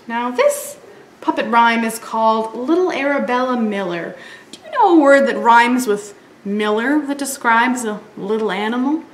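Sing-song storytime woman. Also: on the high side. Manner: sing-song, slow and expressive. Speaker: children's librarian. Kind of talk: children's storytime reading. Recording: roomy echo.

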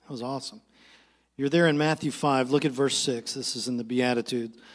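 A man leading a Bible study, enthusiastic, reading scripture slowly and commenting on it. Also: mid-range voice, fairly even intonation. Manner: enthusiastic, reads verses slowly.

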